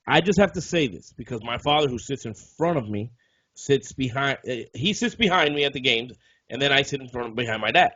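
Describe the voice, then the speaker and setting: Male podcast co-host, quick and bright-toned, slightly husky, joking banter, dry dull-mic sound. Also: mid-range voice, animated, slight background noise. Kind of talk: casual podcast chat.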